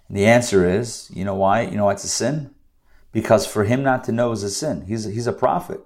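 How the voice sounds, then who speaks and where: A man's voice: lowish voice, fairly quick, a little mellow. A man teaching a scripture lesson in a conversational way, with joking asides and phrases repeated for emphasis. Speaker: Bible teacher.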